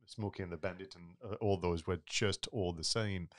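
A man co-hosts a film podcast and runs a quiz in a measured, agreeable way. His voice sits on the low side. He chats casually with his co-host. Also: fairly even intonation. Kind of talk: casual chat about films.

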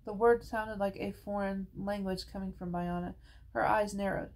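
Woman, audiobook reader, gravelly voice, unhurried narration. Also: medium pitch, steady tone, a little mellow, rough recording. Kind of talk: reading a novel aloud.

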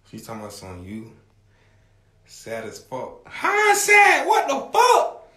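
A man hosting a livestream, talking casually to his viewers in a loud, rambling, profane way and often shouting. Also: very high voice, huge pitch swings, slow pace, pauses often, roomy sound.

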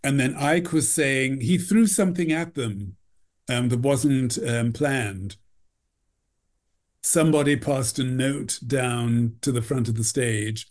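A man's voice: medium pitch, slow pace. A man, a costume designer, telling backstage stories in an interview, rambling with many "you know"s and acting out quotes. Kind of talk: anecdotal interview storytelling.

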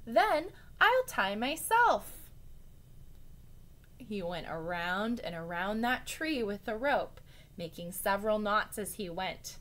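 Reading a story to her class at a measured pace, a female teacher uses an expressive, medium-pitched voice. Now and then she breaks off for chatty remarks to the kids.

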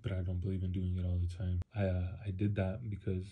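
A man's voice: low voice, little pitch movement, fast talker, warm tone, slightly rough, low-quality recording. Emotional man giving a faith testimony. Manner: earnest, preacherly, quotes scripture. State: emotional, heavy-hearted. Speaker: Christian video testimony speaker.

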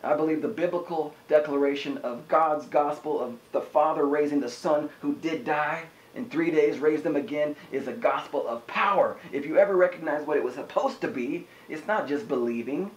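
A man preaching a sermon in an energetic, conversational way, often asking the listeners "amen?". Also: a little high, normal speed, few pauses, roomy sound, poor audio. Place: house church room.

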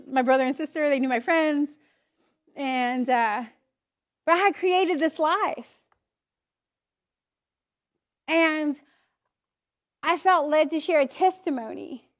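A woman sharing a candid personal testimony at church, telling her story with emotion and acting out her own inner voice. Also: high voice. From Idaho, US. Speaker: church speaker giving testimony.

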